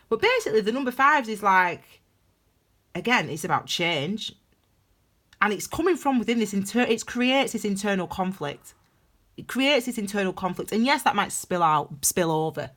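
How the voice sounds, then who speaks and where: A woman's voice: fairly low pitch, fairly bright tone. A woman giving a casual spoken tarot reading to camera, talking emphatically and rambling with many restarts. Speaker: tarot reader.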